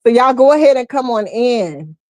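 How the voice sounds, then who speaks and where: A woman's voice: fairly high pitch, expressive, moderate pace, a little mellow, dry recording. Chatty woman hosting a live stream. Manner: chatty, calls viewers honey and boo. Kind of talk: casual live chat greeting viewers.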